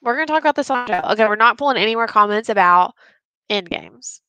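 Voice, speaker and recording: A woman's voice: on the high side, expressive, fast talker, lo-fi sound, a crowd in the background. A young woman with a Texan accent, co-hosting a casual live-stream chat, giggly and rambling. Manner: giggly, rambling, drinking wine on air. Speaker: co-host.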